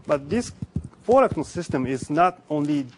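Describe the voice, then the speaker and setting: A man giving a conference lecture on physics in a symposium room, speaking haltingly with many restarts and pauses. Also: fairly high pitch, lively intonation, slight background noise, poor audio.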